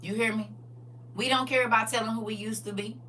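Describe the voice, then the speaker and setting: Bright-voiced woman livestream host, lively. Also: fairly high pitch, a little fast, recorded from a distance, a little hiss or hum. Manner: lively, preachy, laughs often, answers viewers directly. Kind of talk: casual livestream chat reading viewer comments.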